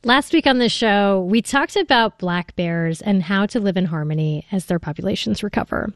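A woman's voice: mid-range voice, normal speed, dry recording, studio quality. A woman hosting a radio science show in a polished, upbeat way. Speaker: radio host.

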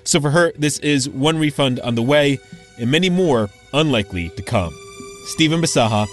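A man filing a scripted radio news report, with a measured, explanatory delivery. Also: mid-range voice, lively intonation, soft background music.

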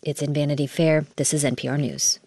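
A woman hosting a radio news show, asking measured, probing questions in an interview. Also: sits low, fairly even intonation, warm tone, no room sound.

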